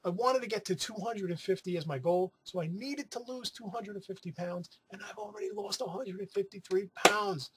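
A man's voice: high voice, brisk, few pauses, a bit bright, slight background noise. A man from New City, chatting casually to camera in a rambling, profane way with playful asides. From New York City. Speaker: weight-loss vlogger.

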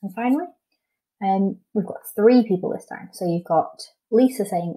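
A woman's voice: mid-range voice, expressive, moderate pace, warm tone, husky, rough recording. A woman with a Welsh English accent, a primary school teacher patiently explaining a recorded lesson step by step, with frequent ums.

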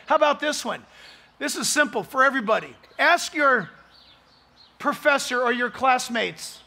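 A male pastor preaching an outdoor sunrise sermon into a stage microphone, animated, joking with the crowd and acting out the voices he quotes. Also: extremely high pitch, moderate pace. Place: outdoors at dawn, cold.

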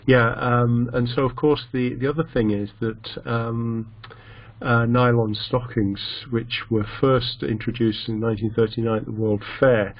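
A male English teacher lecturing slowly, with many fillers and restarts. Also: mid-range voice, flat delivery. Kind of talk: online lecture. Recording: dull lo-fi sound.

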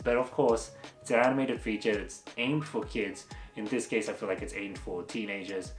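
Chatty man in an echoey room. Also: medium pitch. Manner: chatty and rambling, full of fillers; laughs between points. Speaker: movie reviewer. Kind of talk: casual spoken review. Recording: echoey room with faint music.

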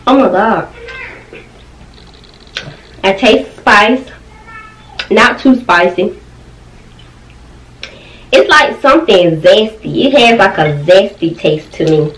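Young woman slowly chatting through a mukbang, mic kinda far off, echoey room. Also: mid-range voice, animated, fairly bright tone. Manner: chatty, eating on mic with frequent "mm"s. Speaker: mukbang vlogger. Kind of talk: casual food review while eating. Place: at home with her kids nearby. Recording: roomy, off-mic home recording.

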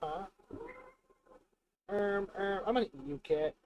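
A man's voice: high-pitched, a little slow, highs cut off, slight background noise. A young man streaming a game in casual, goofy commentary, often yelping and laughing. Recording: game music underneath.

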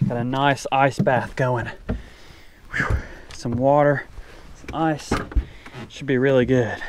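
A man narrating a casual fishing vlog from a small boat on a creek, talking excitedly to the fish and his viewers. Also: medium pitch, takes it slowly, a little hiss or hum. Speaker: fishing vlogger. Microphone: chest-mounted action camera.

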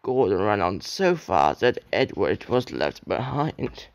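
Male narrator, young adult, amateur storybook reading, gravelly, dry close sound. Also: fairly low pitch, big pitch swings, slow, no echo. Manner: reads aloud with occasional slips and restarts.

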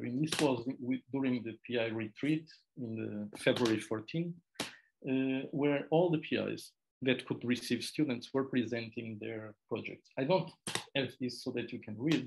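A man's voice: medium pitch, vocal fry, slight background noise, rough recording. A middle-aged man who directs a doctoral programme, giving an informal, conversational presentation to students, with digressive, self-deprecating asides.

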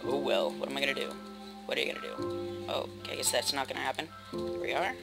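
A man's voice: medium pitch, quick pace, creaky, poor audio. Rambling young man over game music. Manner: rambling self-mocking chatter with loud outbursts. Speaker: gaming video host. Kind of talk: casual gameplay commentary. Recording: game music playing behind.

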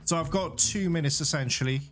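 A man's voice: a little high, brisk, music in the background. A man narrating his video game playthrough to viewers, cursing and laughing when things go wrong. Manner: talks to viewers, swears and laughs when frustrated. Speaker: video game let's player. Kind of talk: live gameplay commentary. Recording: loud game sounds under the voice.

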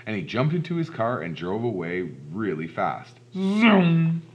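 Animated man reading a children's book. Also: deep voice, normal speed. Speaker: storybook reader. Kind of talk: children's storybook read-aloud. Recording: dull lo-fi recording.

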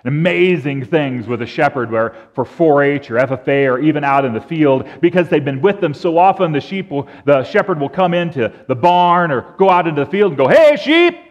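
Preaching from a church sanctuary, a man serving as pastor animatedly recounts stories and acts out sheep's bleats and calls. He speaks at a fairly high pitch, a little fast, with few pauses. Audio is dull and carries long church reverb.

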